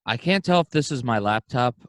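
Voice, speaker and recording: A man co-hosting a podcast, laid-back and answering with quick deadpan replies. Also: medium pitch, dry recording, studio quality. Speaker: podcast co-host. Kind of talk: casual comedic chat.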